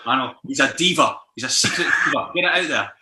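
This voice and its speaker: A Scottish man chatting as a guest radio presenter, telling lively, jokey stories. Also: medium pitch, quick pace. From Scotland. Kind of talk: casual chat. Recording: echoey room.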